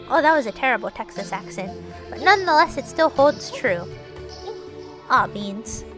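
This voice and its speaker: A woman's voice: sits high, animated, normal speed, fairly bright tone, soft background music. A woman talking through her game in casual, playful commentary, chatty and narrating her own moves, with bursts of teasing mock scolding. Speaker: gaming streamer.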